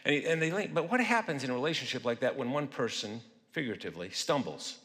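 A man's voice: medium pitch, animated, quick pace, a bit bright. A middle-aged man delivering a sermon, talking casually and asking the congregation questions. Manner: conversational, asks the audience questions. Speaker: guest pastor and psychologist. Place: church auditorium. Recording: long hall reverb.

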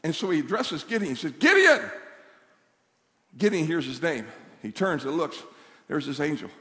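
Man preaching, high voice, lively call-and-response, long hall reverb. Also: fairly quick. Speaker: pastor. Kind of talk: sermon. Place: church sanctuary.

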